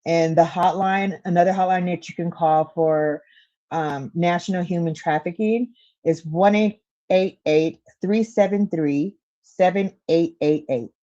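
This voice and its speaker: A woman co-hosting a casual livestream, reading out facts and phone numbers slowly and greeting the chat. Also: lowish voice, dark tone. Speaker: podcast co-host. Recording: dull lo-fi stream audio.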